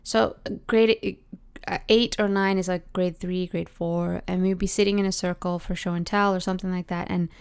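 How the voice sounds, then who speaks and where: A young adult woman with a Canadian accent hosting a reflective solo podcast, musing aloud with many "like"s, restarts and soft laughs. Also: lowish voice, steady tone, normal speed, gravelly, clear, resonant tone. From Britain. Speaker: podcast host.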